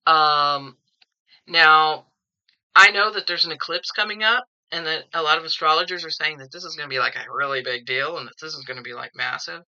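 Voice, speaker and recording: A woman's voice: deep voice, a little fast, sharp tone, highs cut off. A woman giving a casual tarot reading at home, rambling and opinionated, often repeating words as she thinks. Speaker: tarot reader.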